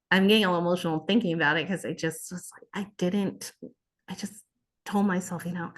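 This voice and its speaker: A woman in her thirties shares a personal story as an interview guest, her voice sitting a little low. She speaks in a heartfelt, expressive way, often stopping and starting over mid-sentence. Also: fairly quick. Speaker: interview guest, exam passer. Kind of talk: emotional personal story in conversation.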